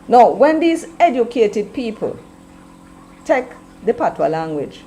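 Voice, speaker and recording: Forceful Jamaican woman, warm low voice. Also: a little hiss or hum, rough recording. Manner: forceful, preachy, mixes in patois. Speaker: commentator. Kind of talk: opinionated political commentary.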